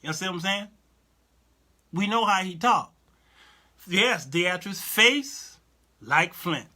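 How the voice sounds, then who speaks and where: A man's voice: high-pitched, takes it slowly. A man hosting a Christian talk show, commenting casually, often repeating himself and checking that listeners follow him. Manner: animated, repetitive, asks listeners "you understand what I'm saying?"; reads and answers viewer comments aloud.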